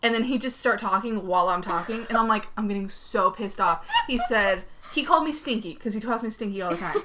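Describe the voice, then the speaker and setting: A woman co-hosting a podcast, telling a story in a casual, animated way, laughing often and swearing freely. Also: a little high, fast talker, slight background noise. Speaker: podcast co-host. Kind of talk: casual chat.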